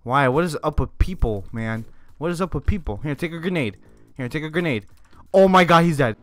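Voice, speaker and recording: Young male gaming host, lively and excitable, yelps and laughs through play, slightly high voice, faint music behind. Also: brisk, dry recording. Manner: excitable, laughs and yells at the game. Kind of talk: excited gameplay commentary.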